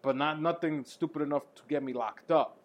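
A man co-hosting a podcast, telling an animated, profane story full of laughter in casual chat. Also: on the high side, brisk.

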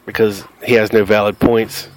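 A man's voice: fairly low pitch, level tone, moderate pace. A man with a Southern US accent hosting a podcast, talking bluntly and combatively and cussing freely. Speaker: podcast host. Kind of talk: casual podcast monologue.

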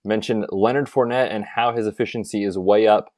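A man's voice: lowish voice, fairly even intonation, fairly quick, darkish tone, no echo, clean studio sound. A man co-hosting a fantasy football podcast, chatting casually in an upbeat, conversational way. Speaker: podcast co-host. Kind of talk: casual sports chat.

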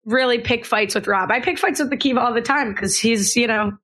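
Bright, higher-voiced wry woman. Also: fairly quick. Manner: wry, playfully combative storyteller. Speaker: podcast co-host. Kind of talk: casual podcast chat.

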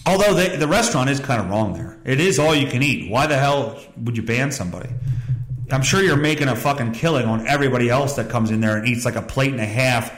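Recorded in a room with echo, this podcast host riffs through a loose solo monologue and news reading, sarcastic and swearing freely. He talks fast and expressively in a mid-range voice.

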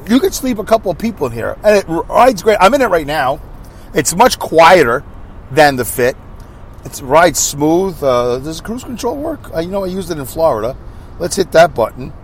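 A male podcast host, pitched a little high, with a lively, swinging delivery. He rambles in a chatty, self-mocking way and keeps drifting into asides. He is recording while driving, with vehicle noise in the background. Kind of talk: rambling solo podcast chat. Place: inside a moving vehicle.

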